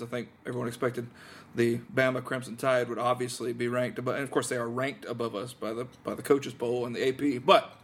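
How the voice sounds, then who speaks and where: A man's voice: mid-range voice, creaky, fairly bright tone. A man from Georgia, an opera singer, chatting casually as a radio interview guest. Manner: chatty, enthusiastic about football.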